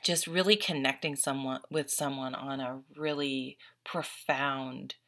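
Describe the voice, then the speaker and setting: A woman's voice: rumbling low, steady tone, unhurried, a bit bright. A young woman giving a casual, earnest tarot reading, openly emotional as she talks through the cards. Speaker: tarot reader.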